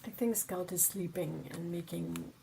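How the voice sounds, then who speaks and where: Slow, giggly woman chatting on a livestream. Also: lowish voice, creaky, heavy background noise. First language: French. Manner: rambling, playful, giggly, self-mocking. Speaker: livestream host. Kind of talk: casual chat while painting.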